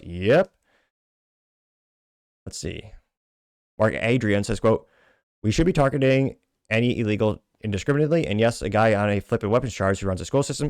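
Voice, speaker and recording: A man hosting a talk show, reading social media comments aloud with wry asides and quick self-corrections. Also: fairly low pitch, a little mellow, no room sound, clean studio sound. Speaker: podcast host.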